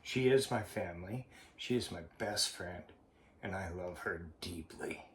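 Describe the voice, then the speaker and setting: A man vlogging in a slow, halting, heartfelt way, with a frequent cough. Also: deep voice. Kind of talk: personal vlog monologue. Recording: roomy echo.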